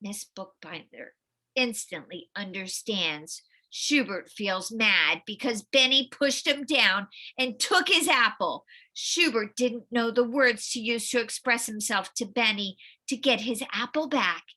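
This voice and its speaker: A woman teacher reading a storybook to children, with lively sound effects and questions to the listeners. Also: a little high, a little slow. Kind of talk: storybook read-aloud for children.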